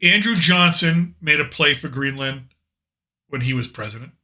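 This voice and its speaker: A man's voice: on the high side, moderate pace, pushed and bright. A man hosting a podcast, chatting casually and jokingly about politics with rambling, opinionated asides. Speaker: podcast host.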